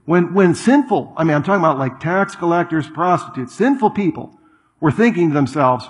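Middle-aged male preacher, relaxed and conversational from the pulpit, voice a little higher than most. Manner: conversational preaching with asides and quick repetitions. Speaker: pastor. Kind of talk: sermon.

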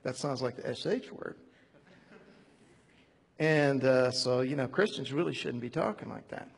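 Husky-voiced man preaching in a reverberant hall. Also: mid-range voice, measured pace. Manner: animated, digressive, with many fillers and restarts. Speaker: preacher teaching a Bible study. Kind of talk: conversational sermon.

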